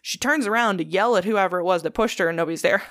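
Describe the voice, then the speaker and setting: A woman's voice: medium pitch, fast talker, a bit bright, no echo, clean studio sound. Profane, rambling woman telling ghost stories. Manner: loose, profane, filler-heavy retelling of ghost stories. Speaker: podcast host. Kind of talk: casual storytelling chat.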